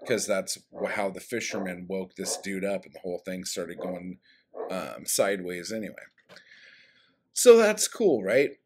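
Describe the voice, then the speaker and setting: A man's voice: sits low, sing-song, a little slow, slightly rough. A man recapping a story in a casual, rambling way, with lots of swearing and fillers, in a room at home. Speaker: book vlogger. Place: room at home by a street window.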